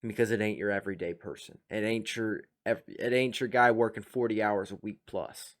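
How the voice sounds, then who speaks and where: Blunt, profane man with a lowish voice. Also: steady tone, moderate pace. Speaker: reaction video host. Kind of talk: casual reaction commentary.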